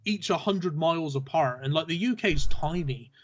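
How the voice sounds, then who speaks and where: A man with a rhotic Southern English accent, talking in a loose, rambling way with lots of fillers and casual swearing. His voice sits a little high, and it comes through a dull, lo-fi mic. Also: normal speed. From southern England. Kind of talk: casual chat.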